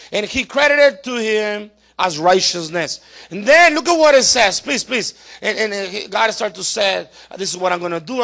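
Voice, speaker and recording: A man preaching a sermon as pastor, urging his congregation to pay attention and rising to loud emphasis. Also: high voice, vocal fry.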